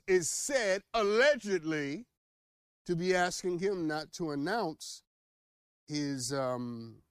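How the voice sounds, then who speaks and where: A man hosting a podcast, giving playful, teasing commentary on headlines with dramatic swings in loudness. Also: a little high, no echo. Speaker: podcast host. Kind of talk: casual political commentary.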